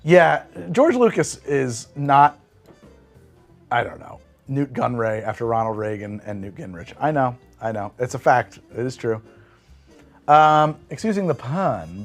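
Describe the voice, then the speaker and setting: A man's voice: mid-range voice, lively intonation, normal speed, soft background music. A man chatting casually on a live stream, rambling, swearing freely and thinking aloud as he answers chat.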